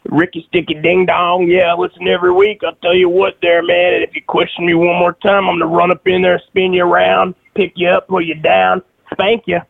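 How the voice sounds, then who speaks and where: Brief: man playing a menacing blowhard biker, swaggering and crude, gravelly, phone-line sound. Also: high voice, completely flat delivery, a little fast, hardly any pauses, no echo. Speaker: caller.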